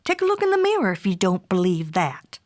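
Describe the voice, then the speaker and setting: A woman's voice: mid-range voice, huge pitch swings, a little fast, no echo, studio quality. A woman voicing a fussy, theatrical mother cat who speaks emphatically. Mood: dramatic.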